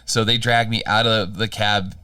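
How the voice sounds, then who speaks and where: A man's voice: fairly low pitch, level tone, moderate pace, pushed and bright, clear, resonant tone, no room sound, clean studio sound, distant mic. A man co-hosting a podcast, telling a rambling, profane story in casual chat. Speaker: podcast co-host.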